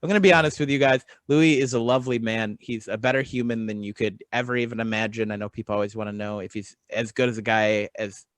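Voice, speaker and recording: A man's voice: fairly low pitch, quick pace, hardly any pauses, dry recording, poor audio. A man in his thirties, a comedian guest, telling stories in a casual interview and acting out the voices in them. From west coast of the US. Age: 30s. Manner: animated storyteller acting out voices.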